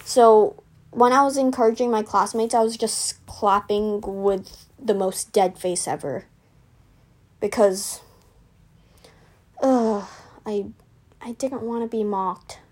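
A woman's voice: mid-range voice, steady tone, measured pace, darkish tone. A teenage girl chatting casually in a self-deprecating, rambling storytime vlog, venting with indignation. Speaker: vlogger.

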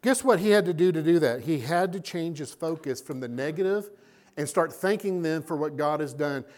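A man preaching a sermon as a pastor, animated and acting out little scenes. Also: on the high side, moderate pace.

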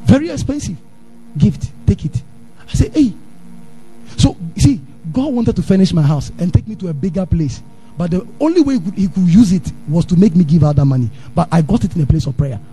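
A Ghanaian pastor preaching a sermon in church, animated, drifting into sing-song and acting out his stories. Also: high-pitched, fairly quick, soft background music. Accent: Ghanaian English.

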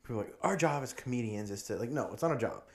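A man in casual podcast chat, a stand-up comic trading stories. His pitch sits in the middle, and he talks loosely, swearing freely and slipping into quoted voices of other people. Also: expressive, rapid-fire. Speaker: podcast host and comedian.

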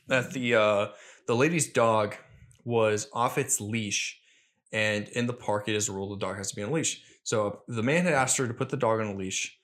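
Young male podcast host, mid-pitched, earnest solo monologue, loose and rambling. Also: fairly bright tone. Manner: earnest, self-critical, rambling with restarts.

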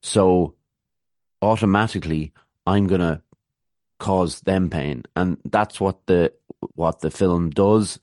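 A man's voice: low voice, slow pace, pauses often, a little mellow, dry recording, studio quality. A man, hosting a podcast and chatting loosely about his favourite films, with many restarts and fillers. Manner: rambling, full of restarts and fillers. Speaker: podcast host. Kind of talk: casual film talk.

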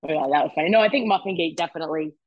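A woman chatting as a podcast guest, expressive and bouncy, laughing often as she talks. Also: low-pitched, racing, dry recording. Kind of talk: casual chat. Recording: dull, dry lo-fi sound.

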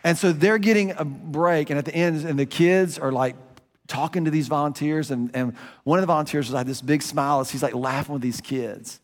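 Pastor preaching in a reverberant hall. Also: male voice, fairly high pitch, fairly quick. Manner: conversational storytelling, voice rising and dropping for emphasis. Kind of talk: sermon. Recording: long reverb of a large room.

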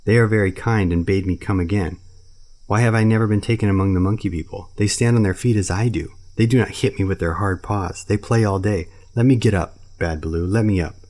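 A man's voice: on the low side, fairly quick, a little mellow, pitched above the performer's own voice, lightly acted. A man reading a storybook who voices a boastful, sulky boy raised by wolves, eager and pleading.

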